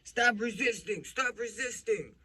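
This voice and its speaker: A man's voice: mid-range voice, expressive, moderate pace, fairly bright tone. A man voicing an aggressive, foul-mouthed male police officer who barks threats. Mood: shouting. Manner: barking, profane, threatening.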